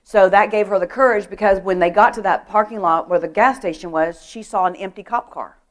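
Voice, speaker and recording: A middle-aged woman giving an animated talk on personal safety to a women's church group, telling stories, acting out quotes and asking the audience questions. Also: mid-range voice, fairly quick. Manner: lively storytelling, acts out quotes, asks the audience questions. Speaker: guest speaker on personal safety.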